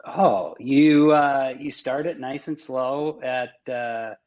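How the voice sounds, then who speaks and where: A man's voice: mid-range voice, slow, dull audio, crowd noise. A man chatting casually as a podcast guest, explaining things in an easygoing way.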